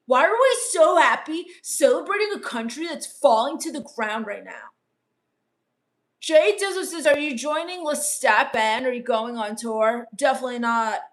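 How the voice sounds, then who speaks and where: A woman hosting a comedy livestream, reading chat in a gloomy, deadpan gothic valley-girl drawl, dismissive and misanthropic. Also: sits high, moderate pace.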